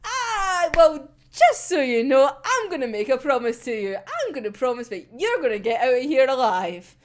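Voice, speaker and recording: A woman's voice: sits high, very animated, normal speed. A woman putting on the voice of a goofy, smug young man in a singsong, mocking way while recapping an anime. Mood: teasing.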